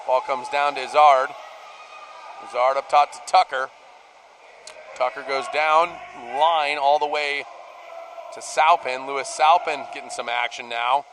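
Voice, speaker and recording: A man giving live play-by-play commentary, rising to shouts on big plays, heard over a noisy arena broadcast. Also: mid-range voice, fairly even intonation, unhurried, long pauses. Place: poolside at an indoor arena.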